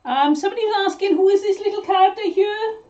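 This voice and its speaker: A woman's voice: very high voice, fast talker, dark tone, lo-fi sound. A British woman co-hosting a live show, fondly reading out viewer comments and showing gifts. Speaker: co-host of a live mudlarking show. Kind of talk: casual live-stream chat.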